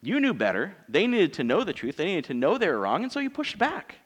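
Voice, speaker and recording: A man's voice: sits high, wildly swooping pitch, a little fast, husky. A man in his thirties, a pastor preaching a sermon in church in a conversational, joking way, asking his congregation rhetorical questions.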